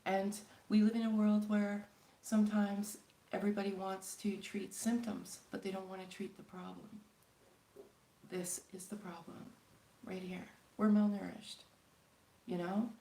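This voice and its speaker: A woman's voice: medium pitch, little pitch movement, a little slow, creaky, warm tone, echoey room, poor audio. A woman from Canada talking casually and earnestly on a live stream, rambling with many fillers and pleading at times. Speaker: spiritual channel host.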